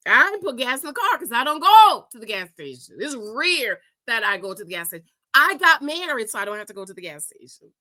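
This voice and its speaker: Woman host, reaction commentary; emphatic, animated storyteller with a bright, crisp voice. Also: sits high, fairly quick. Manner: emphatic, animated, laughs often, says "okay?" a lot. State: married.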